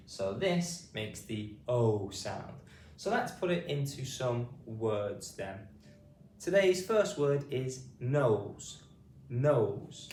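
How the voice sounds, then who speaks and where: A man with a British accent teaching a phonics lesson, saying each sound slowly and spelling it out letter by letter. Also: medium pitch, a little mellow. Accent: British English. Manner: slow, deliberate, repeats sounds and spells them out. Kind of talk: slow classroom phonics lesson. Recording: roomy sound from a distant mic, faint hiss.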